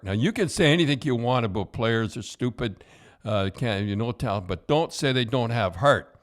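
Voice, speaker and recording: An older man, a podcast host and former coach, telling hockey stories in a rambling, halting way with chuckles. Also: medium pitch, lively intonation. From Canada. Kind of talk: casual storytelling.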